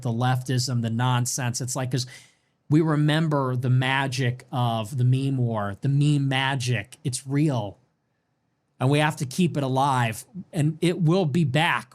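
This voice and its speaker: A man hosting a livestream, reading and answering viewer messages in a sarcastic, mocking way that swings between loud outbursts and low mutters. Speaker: livestream host. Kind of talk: livestream commentary reading super chats.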